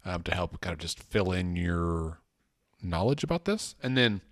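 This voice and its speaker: A man with a very deep voice talks through the week's policy news in a casual, rambling way. He corrects himself mid-sentence and slips in jokes. The sound is close and dry, with no room around it. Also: animated, normal speed, dry recording. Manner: rambling, self-correcting, joking. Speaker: podcast co-host.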